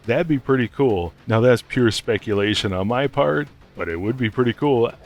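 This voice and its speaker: A man's voice: medium pitch, moderate pace. Male gaming host with a mid-range voice, casual and speculative delivery, faint music underneath. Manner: chatty and speculative, thinking aloud. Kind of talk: casual gaming news commentary.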